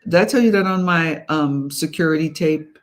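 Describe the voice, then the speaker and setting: A woman's voice: low-pitched, normal speed. An older woman co-hosting a casual live-stream chat, making wry, teasing remarks. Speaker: co-host.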